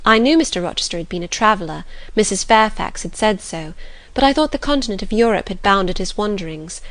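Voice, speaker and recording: Calm female audiobook narrator, gentle storytelling, dry close recording. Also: medium pitch, no room sound. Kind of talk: scripted classic novel narration.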